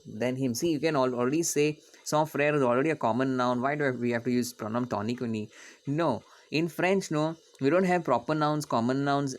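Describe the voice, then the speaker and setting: A man teaching a French grammar lesson to students, patient and repetitive, often checking in with "okay?". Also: medium pitch.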